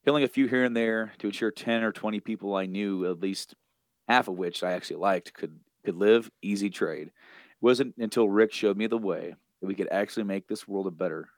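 Man retelling a remorseful villain, low voice, quiet, dry sound. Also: brisk, dry recording, natural voice. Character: remorseful grown man villain begging for death.

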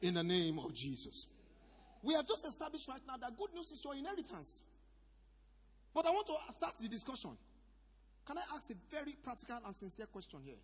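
Nigerian pastor guy, high husky voice, swings loud to quiet, preaching in a big echoey church hall. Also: wildly swooping pitch, brisk, pauses often. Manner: preaching with shouted call-and-response. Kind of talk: sermon. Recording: reverberant hall.

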